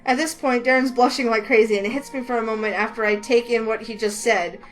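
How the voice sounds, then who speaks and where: A woman reading a romance game aloud in a lively, excitable way, with faint music behind her. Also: a little high, quick pace, poor audio. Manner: lively, excitable, voices the heroine with outbursts. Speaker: gaming channel host reading a visual novel.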